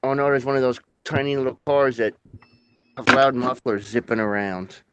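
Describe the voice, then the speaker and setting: A man's voice: medium pitch, fairly even intonation, moderate pace, a bit bright, highs cut off, slight background noise. A man in loose, crude banter who laughs often and retells scenes from movies.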